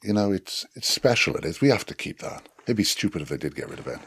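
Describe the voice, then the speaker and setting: A man with a Welsh accent, a former rugby player, telling lively anecdotes as a podcast guest with swearing and laughs. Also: on the low side, fast talker, slightly rough, no room sound, clean studio sound. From Wales. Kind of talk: casual storytelling chat.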